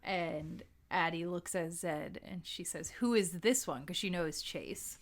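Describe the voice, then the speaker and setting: A woman's voice: fairly low pitch, a little slow. A woman co-hosting a podcast, casually recapping a book and acting out characters' lines as she goes. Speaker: podcast co-host.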